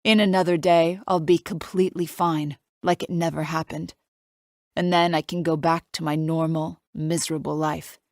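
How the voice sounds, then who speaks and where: A woman narrating a suspense audiobook in the first person, her low voice tense and confiding. The recording is dry and close, with no room around it. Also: level tone, moderate pace, no room sound. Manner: tense, confiding inner monologue.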